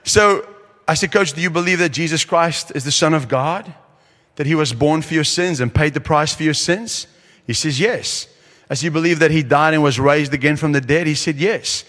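A man preaching at a conference, telling a story with lively, acted-out quotes. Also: on the high side, moderate pace. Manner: animated storyteller acting out quotes. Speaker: pastor. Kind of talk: sermon storytelling. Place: large conference hall. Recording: long hall reverb.

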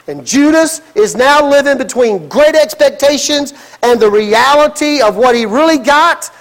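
A man's voice: very high-pitched, lively intonation, moderate pace, few pauses, in a large hall, rough recording. A male pastor, preaching a sermon dramatically with sudden emphatic outbursts.

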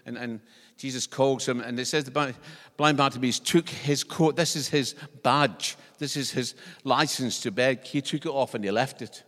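A Scottish man preaches a sermon in a conversational, animated way and drops in joking asides. His voice sits at a middle pitch, and a long church reverb hangs behind every phrase. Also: normal speed.

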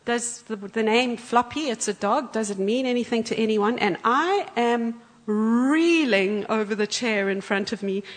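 Woman guest preacher, animated storyteller, husky and echoing in a church. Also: fairly high pitch. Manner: animated storyteller, acts out quotes. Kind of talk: sermon with storytelling. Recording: church hall with long reverb.

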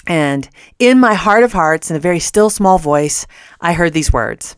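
A woman's voice: lowish voice, lively intonation, measured pace, clear, resonant tone, dry recording, studio quality. A middle-aged woman hosting a Christian radio show, telling a personal story earnestly and often laughing mid-sentence.

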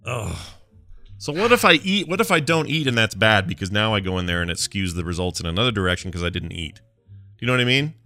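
A man's voice: fairly low pitch, lively intonation, fast talker, pushed and bright, no room sound, faint music behind. A man co-hosting a podcast, chatting casually and ranting in exasperation with jokes thrown in. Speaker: podcast co-host. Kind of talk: casual chat.

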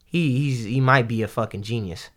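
Man, casual chat, rambling, halting, filler-heavy. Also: medium pitch, a bit bright. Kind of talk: casual chat about music.

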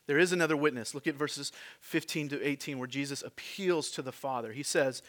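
A man's voice: mid-range voice, fairly quick, fairly bright tone. A man preaching a sermon as pastor, conversational and teasing the congregation with asides and questions.

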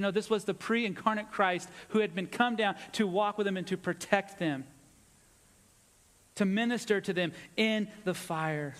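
High-voiced man preaching in a reverberant hall. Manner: earnest preaching, drops low and soft for emphasis. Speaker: pastor. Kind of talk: sermon. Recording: long reverb of a church hall.

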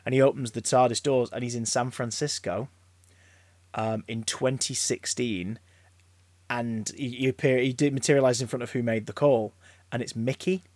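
A man chatting casually as a podcast co-host, an excitable storyteller who rambles, stammers and restarts his sentences. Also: mid-range voice, normal speed, no room sound. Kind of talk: casual chat.

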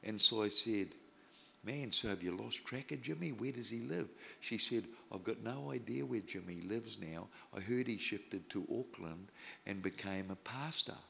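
A man preaching, telling a personal story in an animated way and acting out the people he quotes. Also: on the low side, normal speed, gravelly, slight background noise. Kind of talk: storytelling sermon.

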